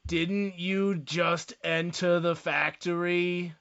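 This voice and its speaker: A man voicing a bored female goblin security secretary in a tabletop game, dry and deadpan. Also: sits high, takes it slowly, clean tone, pitched above the performer's own voice, full character voice. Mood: polite. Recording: dull lo-fi sound.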